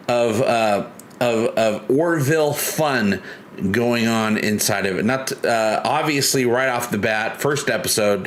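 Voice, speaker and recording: A man's voice: mid-range voice, fairly bright tone, slight background noise. A man hosting a casual live stream, chatting loosely and reading viewer comments aloud. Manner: chatty, reads chat aloud, loose and rambling. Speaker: livestream host.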